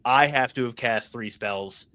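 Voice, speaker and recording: A man's voice: medium pitch, a little slow, pushed and bright. A young man co-hosting a podcast, ranting heatedly and swearing a lot in casual chat. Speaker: podcast co-host.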